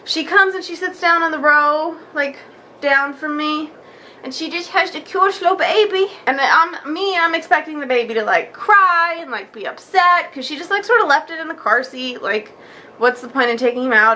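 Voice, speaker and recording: Bright, high-voiced chatty young woman. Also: slight background noise. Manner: chatty, animated, acts out quotes with many likes. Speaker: vlogger. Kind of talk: casual storytelling vlog.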